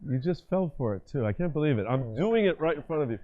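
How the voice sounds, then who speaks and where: A middle-aged man giving a live talk, leading the audience through exercises in an animated, directive way. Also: on the high side, fast talker. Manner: animated, directive, demonstrates states with his voice and body. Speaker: workshop speaker and communication coach. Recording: dull lo-fi lecture recording.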